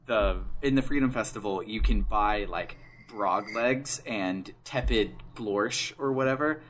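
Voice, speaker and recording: A man's voice: lowish voice, a little slow, fairly bright tone, slight background noise. A man co-hosting a game book-club podcast, casually ranting about his pet peeves, full of fillers. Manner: ranting, opinionated, filler-heavy. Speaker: podcast co-host. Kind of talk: casual chat.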